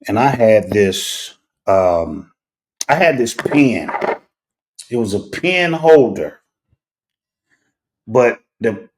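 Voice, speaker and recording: Slow, deliberate storytelling man. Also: medium pitch. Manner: deliberate, with pauses and rhetorical "right?". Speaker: host. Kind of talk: personal storytelling monologue.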